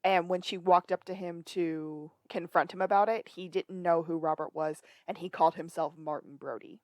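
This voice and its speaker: A woman's voice: lowish voice, fairly even intonation, moderate pace, no echo. A woman co-hosting a podcast, filling in plot details in a matter-of-fact, casual way. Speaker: podcast co-host. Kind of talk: casual chat recapping a show.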